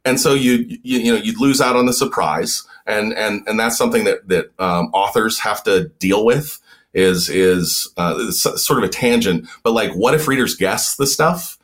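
A man who is a guest author in a casual podcast chat, talking in halting bursts with many repeated words and restarts. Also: fairly low pitch, a bit bright.

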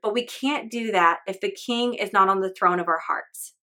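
A woman's voice: mid-range voice, moderate pace, bright, forceful tone. A woman hosting a faith podcast, talking in an earnest, candid and chatty way with lots of fillers. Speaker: podcast host.

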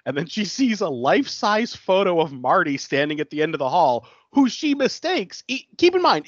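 Podcast co-host, casual movie recap, bouncy pitch, acts out lines, dry dull sound. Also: dry recording. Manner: animated, laughing, acts out characters' lines.

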